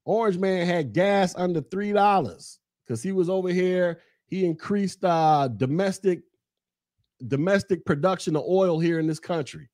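This is an American man on his own podcast, venting in a fired-up, cursing tirade. His voice sits somewhat high for a man, and the recording is dry and close with no room sound. He mocks his listeners and keeps repeating his phrases to drive the point home. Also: a little slow, darkish tone, no room sound. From United States. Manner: heated, profane, mocking, repeats phrases for emphasis. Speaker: podcast host. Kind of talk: angry political rant.

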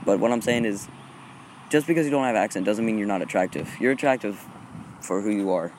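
A man's voice: lowish voice, fast, a little mellow, a little hiss or hum. Rambling, hesitant teenage boy podcaster. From Texas. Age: teens. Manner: hesitant, repeats fillers often. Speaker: solo podcaster. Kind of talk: rambling casual monologue. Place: outdoors in wind.

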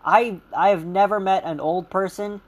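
Profane rambling man, slightly high voice. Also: fairly even intonation, moderate pace. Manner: profane, rambling, mocking voices for animals and critics. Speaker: podcast host. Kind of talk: rambling solo podcast.

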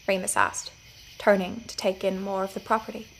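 A woman narrating her own scripted audio fiction story in a measured storytelling manner. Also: medium pitch, little pitch movement, a bit bright, low-quality recording. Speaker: writer and narrator.

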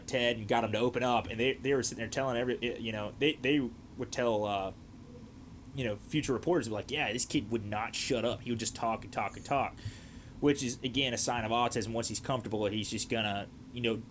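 A man's voice: medium pitch, fairly bright tone, a little hiss or hum. A man hosting a podcast, telling a story in a casual, rambling way with lots of fillers and restarts. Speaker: podcast host.

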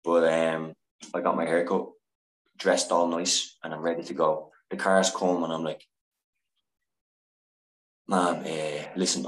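A man with a deep, low voice tells a candid personal story as a podcast guest. He is earnest and emotional, swears freely and trips over his own sentences. The sound is roomy and echoey. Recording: echoey room.

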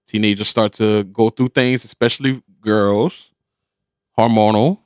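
A middle-aged stepfather tells a family story in casual, slangy, heavily profane talk, animatedly acting out what each person said. His voice is fairly low and measured in pace. The studio-quality recording has no echo.

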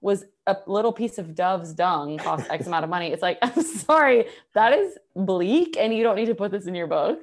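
A woman's voice: medium pitch, normal speed, hardly any pauses. A young woman co-hosting a podcast, chatting casually and animatedly, full of "like" and casual swearing. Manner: animated, swears freely, heavy use of "like". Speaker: podcast co-host. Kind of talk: casual chat.

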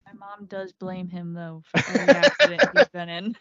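Excitable woman guest telling a story. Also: on the low side, lo-fi sound. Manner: excitable storytelling, fast quoted asides. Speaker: podcast guest. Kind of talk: casual chat.

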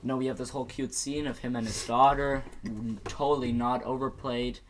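A man's voice: medium pitch, flat delivery, normal speed, crowd noise. A man co-hosting a casual podcast, recapping a movie with a joking, sarcastic, rambling manner. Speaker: podcast co-host.

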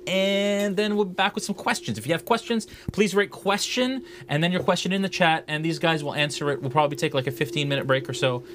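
A man running a tabletop game and hosting the stream in a loose, relaxed way, with plenty of ums and uhs. Constant noise hums behind his voice. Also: a little high, fast talker, hardly any pauses. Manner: relaxed, loose, lots of fillers. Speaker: game master and stream host.

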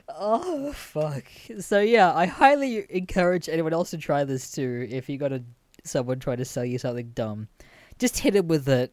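A man's voice: on the high side, normal speed, no echo. Young man, casual podcast storytelling, swears a lot, laughs, dry close sound. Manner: animated, swearing, laughs at own stories. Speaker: podcast host.

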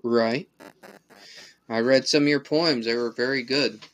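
A man hosting a casual chat, relaxed and meandering. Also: mid-range voice, a little slow.

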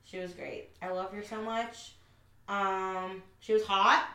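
A woman's voice: medium pitch, steady tone, slow pace, bright, forceful tone. A young woman co-hosting a casual home podcast, gushing and swearing as she repeats herself. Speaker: podcast co-host. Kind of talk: casual chat. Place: home room. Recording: echoey room, mic far off, faint background hiss.

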